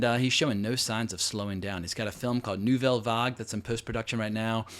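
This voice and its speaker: A man in his forties hosts a casual film commentary, drifting through asides in a chatty, rambling flow. His voice sits at an ordinary middle pitch. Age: 40s. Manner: rambling, conversational, with asides and fillers. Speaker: host.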